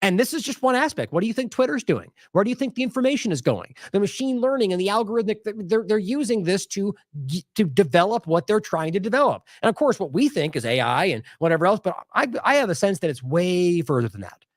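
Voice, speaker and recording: Animated, indignant male news commentator. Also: sits high, fast talker, dry recording, studio quality. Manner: animated, indignant, sarcastic asides. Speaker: independent news show host.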